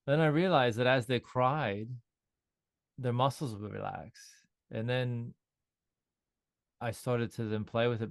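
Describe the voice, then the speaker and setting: A man, a sound healer, talking in a relaxed, rambling way with frequent restarts during an interview. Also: on the low side, no echo. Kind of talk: casual interview talk.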